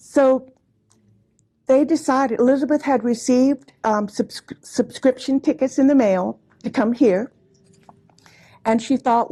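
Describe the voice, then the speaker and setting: High mellow woman telling family stories. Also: moderate pace. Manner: chatty, warm anecdotes with frequent laughs and asides. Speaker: speaker at a commemorative gathering. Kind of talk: personal storytelling talk. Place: hall before a live audience.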